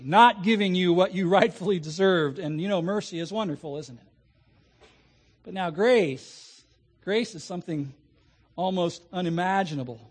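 A man preaching a sermon as pastor, who puts questions to the congregation and slows down to stress key words. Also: high-pitched, breathy edge.

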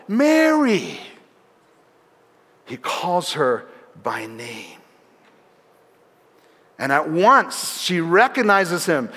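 High-voiced preacher in a reverberant church. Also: male voice. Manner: earnest storytelling preacher, drops softer for emphasis. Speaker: pastor. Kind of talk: sermon. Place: church sanctuary. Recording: long hall reverb.

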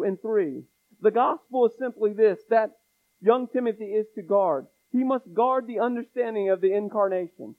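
A man preaching a sermon, pressing the congregation with pleading rhetorical questions. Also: high-pitched. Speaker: pastor. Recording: tinny phone-like sound.

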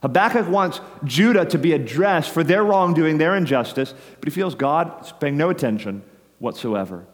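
A man's voice: on the high side, animated, moderate pace, big-room sound. A man preaching an earnest sermon, addressing listeners directly with urgency. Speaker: pastor.

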